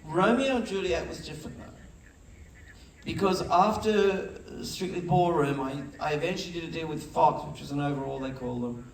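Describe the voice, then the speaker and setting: A man's voice: on the high side, normal speed, far from the mic. A middle-aged man, a film director, telling stories on stage at a festival conversation and acting out the quotes with animation. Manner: animated storyteller, acts out quotes. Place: large festival hall with audience. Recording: echoey hall, mic heard from afar.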